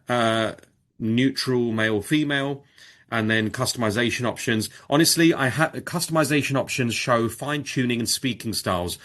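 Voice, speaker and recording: A man casually presenting on a video call, demonstrating software and thinking aloud, with frequent fillers and restarts. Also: medium pitch. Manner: informal, with many fillers and restarts. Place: home or office on a video call. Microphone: video call microphone.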